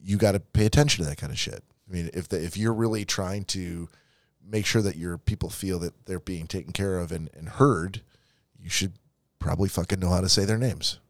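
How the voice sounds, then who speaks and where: Man, podcast co-host, blunt, opinionated, swears, low voice, dry close sound. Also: brisk, dry recording. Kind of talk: casual chat.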